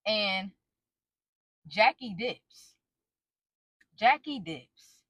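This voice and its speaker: A woman's voice: medium pitch, animated, drawn-out words, a bit bright, breathy edge, no room sound. A young woman animatedly retelling a personal story to her viewers in a casual storytime vlog, with dramatic asides. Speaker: storytime vlogger.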